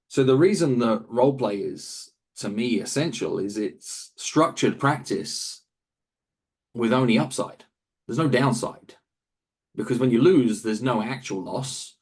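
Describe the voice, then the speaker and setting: Husky-voiced man coaching with energy. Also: medium pitch. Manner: animated, acts out quick asides in other voices. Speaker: real estate coach, guest. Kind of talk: interview answer, coaching talk.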